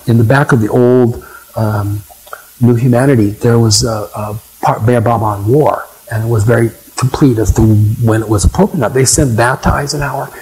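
A man's voice: mid-range voice, a little mellow, breathy edge, poor audio. An older man telling rambling, chatty stories to a live audience, full of asides. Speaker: storyteller. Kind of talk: anecdotal talk to a live audience.

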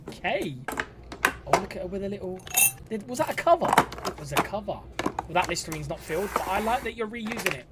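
A man's voice: sits high, lively intonation, brisk, very noisy. A man gushing through cheeky, camp reaction commentary. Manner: camp, cheeky, gasping and squealing. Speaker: reaction video host.

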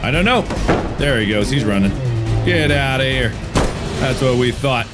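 Excitable man in game chat, loud music behind. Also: mid-range voice, moderate pace. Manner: excitable, joking, bursts into yells. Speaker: host playing a co-op game with friends. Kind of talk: casual gaming chat.

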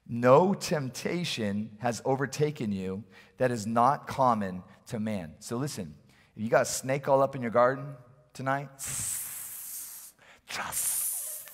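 A man preaching a sermon as pastor, swinging from loud, urgent calls to low, quiet asides. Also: animated, normal speed. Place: large church hall. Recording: long reverb of a church hall.

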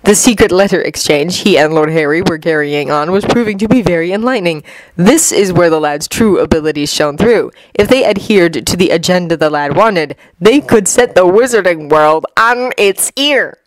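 A woman's voice: fairly low pitch, moderate pace, no room sound. A woman reading fanfiction aloud as an audiobook, sometimes restarting lines. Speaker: fanfiction reader. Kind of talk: audiobook narration.

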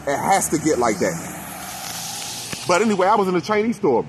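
Man, fairly high voice, fiery profane monologue to camera. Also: sing-song, normal speed, noisy background. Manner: profane, preachy, addresses his people. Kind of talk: impassioned conspiracy rant.

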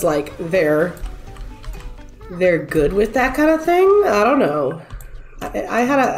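Woman streamer, sick with a cold, lowish voice, rambling casual chat, faint game music behind. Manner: rambling, chatty, talks to the game's cats.

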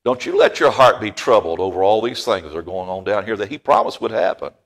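A middle-aged man preaching a sermon in a church, folksy and joking with the congregation, rising to loud emphasis on key phrases. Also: fairly low pitch, expressive, brisk. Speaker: pastor. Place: church sanctuary.

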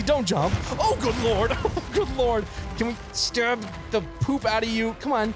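A man's voice: extremely high pitch, lively intonation, normal speed. Playful gamer guy laughing and teasing the boss, voice bounces all over, game music behind. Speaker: gaming channel host. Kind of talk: casual let's play commentary.

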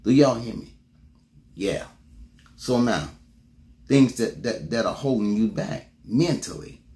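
Animated yet slow, this preacher delivers a motivational sermon, rallying the congregation through call-and-response and repetition while shifting from loud outbursts to quiet murmurs.

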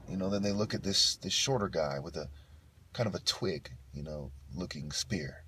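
Husky guy ranting, lots of swearing, voice swings all over, dry close sound. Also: sits low, expressive, normal speed, fairly bright tone, no echo. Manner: profane, scornful ranting with bursts of laughter. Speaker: video blogger. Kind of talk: ranting monologue to camera.

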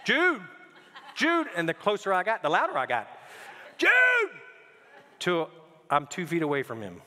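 A man's voice: a little high, very animated, fast talker, bright, forceful tone. A man preaching a conversational sermon as a pastor, telling stories and often repeating words as he goes. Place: church sanctuary. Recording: long hall reverb.

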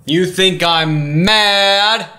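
A man's voice: high-pitched, extremely slow, sharp tone, heavily acted. A man voicing a grumpy, self-righteous male puppet in a comedic church skit, huffy and smug, growling "roar" when cross. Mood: indignant.

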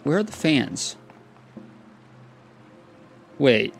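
A male streamer chats through his gameplay, amused at himself and talking mostly to himself. His voice is unhurried but swings widely in pitch, with faint game music behind. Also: very animated, gravelly. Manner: self-amused, chatty. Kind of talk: casual gameplay commentary.

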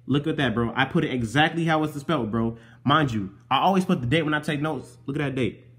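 Casual young man spelling out letters. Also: fairly high pitch. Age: young adult. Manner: casual, keeps saying bro, spells letters out slowly. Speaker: vlogger teaching Hebrew letters. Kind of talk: casual show-and-tell explanation.

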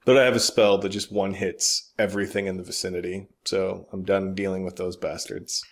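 A man's voice: sits low, flat delivery, fairly quick. A man co-hosting a podcast, chatting casually about games and movies with blunt, opinionated remarks and casual swearing. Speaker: podcast co-host.

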